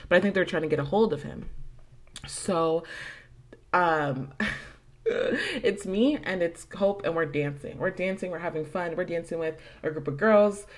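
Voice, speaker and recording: A woman's voice: fairly low pitch, expressive, measured pace. A young adult woman hosting a podcast, telling a personal story in a casual, chatty way, swearing freely and using lots of fillers. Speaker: podcast host.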